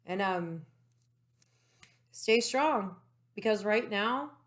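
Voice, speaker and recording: An excited woman vlogging from her room at home, rambling to her viewers in a casual, unscripted stream of thought. She trails off into asides and leans heavily on fillers as she talks. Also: mid-range voice, very slow. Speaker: political vlogger. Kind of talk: casual monologue to camera.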